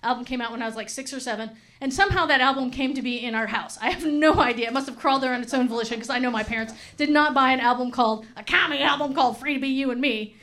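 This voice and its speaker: A woman's voice: high-pitched, rapid-fire, few pauses, pushed and bright. A middle-aged woman doing stand-up comedy, telling stories in a frank, profane, rambling way.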